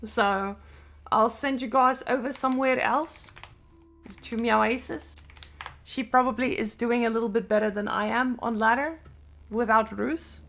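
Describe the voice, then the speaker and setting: A woman's voice: fairly high pitch, fairly even intonation, a little slow, vocal fry, a bit bright. A young adult woman with a Serbian accent, chatting casually on a live stream in loose, non-native English.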